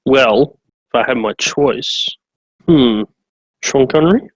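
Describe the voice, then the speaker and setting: Aussie podcast cohost, dry teasing humor, mid voice, super dead dry recording. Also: male voice, mid-range voice, slow, husky, no room sound, dull audio. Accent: Australian. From Australia. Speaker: podcast co-host. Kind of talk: casual chat.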